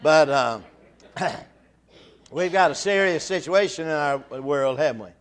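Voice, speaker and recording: An older man with a drawl preaches from the pulpit, his voice sitting a little high for a man. He stumbles over repeated words and small fillers, then builds into fervent, rousing calls to his listeners. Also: smooth. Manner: halting restarts, rising to fervent exhortation. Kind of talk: sermon.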